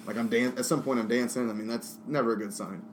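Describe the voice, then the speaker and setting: A man's voice: medium pitch, steady tone, fast talker, noisy background. A man co-hosting a casual podcast, telling rambling, profane stories while drinking. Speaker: podcast co-host. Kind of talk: casual chat.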